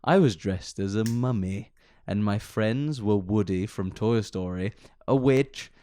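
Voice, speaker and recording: A man's voice: on the low side, unhurried, warm tone, dry recording, studio quality. A male podcast host reading a story aloud in a rambling, giggly way, often breaking into laughter. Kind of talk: casual comedic chat and story reading.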